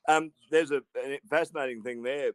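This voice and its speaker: A man, a podcast co-host speaking in a measured, wordy way with frequent chuckles. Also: medium pitch, no echo. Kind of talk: casual podcast chat.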